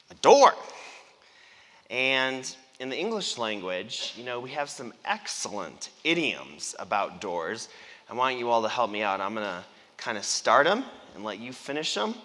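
Man, pastor; sermon, chatty and playful; crisp bright tone; big echoing sanctuary. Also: medium pitch. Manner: conversational, playful, engages the congregation. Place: church sanctuary. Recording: long church reverb.

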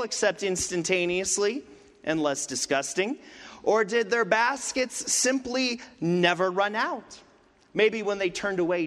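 A middle-aged male pastor preaching a sermon, dramatic, with rhetorical questions and pauses. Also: sits high, a bit bright. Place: church sanctuary. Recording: long reverb of a church hall.

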